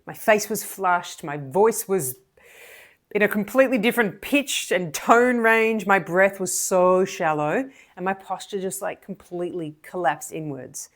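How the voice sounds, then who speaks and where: A young woman with an Australian accent tells a personal story straight to camera. Her delivery is lively and expressive, and she slips into quoted dialogue as she goes. Her voice sits at a middle pitch for a woman. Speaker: speaker and communication coach.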